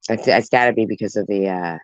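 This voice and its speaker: Speaking quickly in a lowish voice, a stuffed-up livestream host rambles directly to his audience. There's no echo, but the stream sound is dull and lo-fi.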